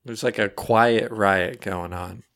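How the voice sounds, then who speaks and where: A man's voice: fairly low pitch, steady tone, slow, fairly bright tone. A man in casual chat about a story, questioning ideas with a skeptical, teasing manner. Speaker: co-writer brainstorming a story.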